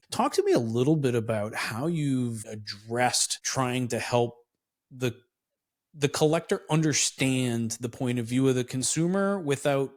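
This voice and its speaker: A man hosting a podcast interview, affirming his guest and asking long reflective questions. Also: mid-range voice. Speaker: podcast host.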